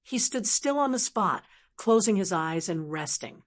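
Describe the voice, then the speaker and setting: A woman's voice: medium pitch, expressive, a little slow. Woman narrating an audiobook evenly. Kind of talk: scripted narration.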